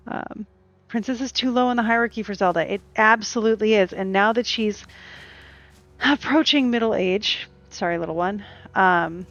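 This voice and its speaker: A woman's voice: medium pitch, gravelly, a bit bright, no room sound. A woman streaming a cozy game, chatting in a rambling, casual way and talking back to the characters on screen. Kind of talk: casual gameplay chat. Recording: dull lo-fi stream audio with faint game music.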